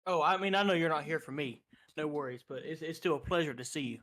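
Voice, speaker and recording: A man's voice: a little high, quick pace, fairly bright tone. A man playing a paladin in a tabletop game, talking hesitantly with many fillers. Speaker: player. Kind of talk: tabletop role-play.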